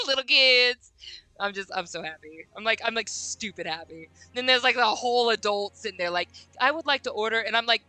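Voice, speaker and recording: A woman streaming a game, chatting casually and reading dialogue aloud, giggling and gushing with squeaky quoted voices. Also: fairly quick, bright, forceful tone, faint music behind, poor audio.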